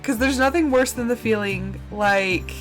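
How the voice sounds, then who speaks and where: A woman's voice: on the high side, normal speed, soft background music. A woman game streamer chatting casually and openly with her viewers, heartfelt and reassuring as she talks to them. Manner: reassuring, speaks directly to viewers. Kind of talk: casual live-stream chat.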